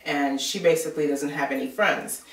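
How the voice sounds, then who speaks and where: A woman's voice: low voice, fairly even intonation, moderate pace. Chatty New woman in a roomy space. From New York. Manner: chatty storyteller, many filler words. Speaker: vlogger. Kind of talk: casual chat. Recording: roomy sound from a distant mic.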